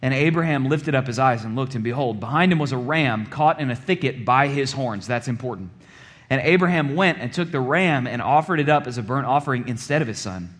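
A man delivers a sermon conversationally, frequently checking in with the congregation. At dramatic moments he drops his voice low and quiet.

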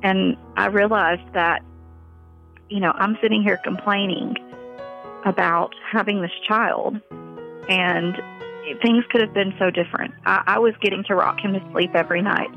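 A woman speaking in an interview as a mother, earnest and halting, with many fillers, on slightly muffled audio. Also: mid-range voice, steady tone, gravelly, soft background music. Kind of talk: emotional personal interview.

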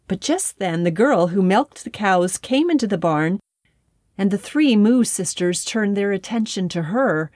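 A woman narrating a children's storybook in a gentle, unhurried way. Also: mid-range voice, expressive, no room sound, studio quality.

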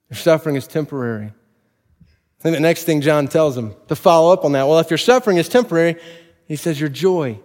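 A pastor telling personal stories in a sermon, building to emphatic preaching before a congregation. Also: male voice, medium pitch, darkish tone. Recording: long reverb of a large hall.

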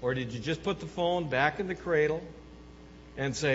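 A male pastor preaching a sermon to his congregation, emphatic, swinging between loud bursts and low earnest passages. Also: moderate pace. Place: church sanctuary. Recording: reverberant hall, muffled lo-fi sound with faint hum.

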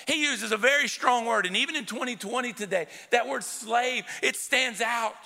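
A pastor delivers an emphatic sermon in a church sanctuary before a live congregation, calling out to them directly again and again. His high, gravelly voice is bright and forceful at normal speed, ringing with the long reverb of the church hall.

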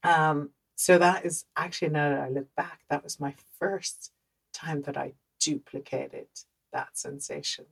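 A woman with a Dutch accent speaks in a low, gravelly register with a husky edge. She tells her story in an animated, chatty way, loose and full of fillers, as a podcast host talking straight to her listeners. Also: measured pace, low-quality recording. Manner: animated, conversational, many fillers. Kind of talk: personal storytelling monologue.

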